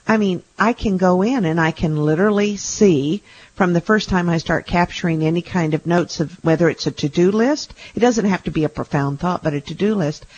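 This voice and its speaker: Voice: mid-range voice, normal speed, lo-fi sound. Chatty radio host with tag questions. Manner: chatty, asks leading questions ending in tags. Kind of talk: radio interview.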